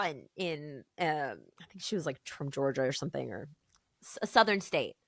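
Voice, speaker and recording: This podcast co-host has a lowish voice and talks a little fast, recorded at studio quality with no room sound. She spins a story in casual chat, bringing it to life by performing each quoted person's voice.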